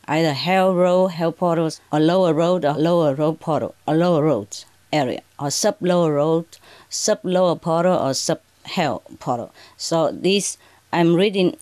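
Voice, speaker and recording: Low-pitched woman as a spiritual teacher; unhurried, halting, broken English, peppered with "okay"s. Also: darkish tone. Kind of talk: addressing an audience from a prepared reading. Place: indoors under bright spotlights.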